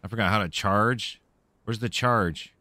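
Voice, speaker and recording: A man's voice: lowish voice, measured pace, bright, forceful tone, dry recording. A man streaming a video game, playfully talking to himself and taunting the enemies he meets, a little caffeinated. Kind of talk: let's-play gameplay commentary.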